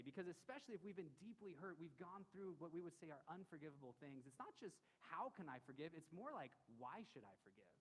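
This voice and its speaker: Pastor, thirties, male: quick, slightly high, casual sermon voice with a light joking touch, recorded in a church hall with long reverb. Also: fairly bright tone. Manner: conversational, jokey, asks the congregation questions. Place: church sanctuary.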